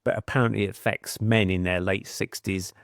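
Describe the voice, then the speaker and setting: A man's voice: on the low side, fairly even intonation, fairly quick, gravelly, dry recording, studio quality. A middle-aged man, a podcast guest telling chatty anecdotes and acting out quoted voices. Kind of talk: casual storytelling.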